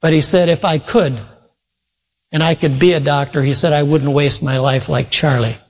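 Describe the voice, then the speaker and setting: A man delivers a sermon in earnest storytelling mode, weaving in quoted dialogue. His voice sits a little above the usual male pitch. The sound rings out with the long reverb of a large hall. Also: steady tone, normal speed. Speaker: preacher.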